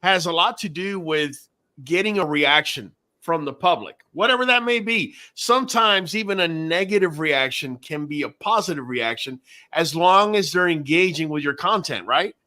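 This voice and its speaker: A man hosts a casual podcast chat in an upbeat, encouraging manner. His voice is high for a man, with a bright, forceful edge. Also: moderate pace. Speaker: podcast host.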